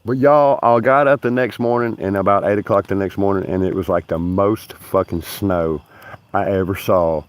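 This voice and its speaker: A man's voice: low voice, steady tone, normal speed. A man telling a rambling, profane story on a casual livestream.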